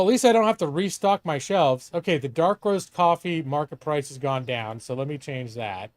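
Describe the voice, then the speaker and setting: A middle-aged man with a slightly high voice streams a game live, recorded dry with no room sound. He chats casually and swears a lot, talking to himself and tossing asides to a co-host as he comments on the gameplay.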